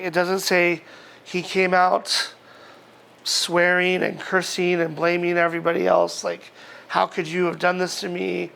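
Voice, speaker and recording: Male pastor, high and gravelly voice, easygoing conversational preaching with scripture reading. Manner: relaxed, chatty, frequent fillers and chuckles.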